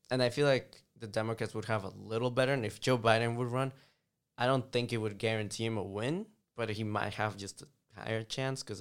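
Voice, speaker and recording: A man talking politics in a casual, rambling chat, often halting and restarting mid-sentence. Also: fairly low pitch, vocal fry, clean tone.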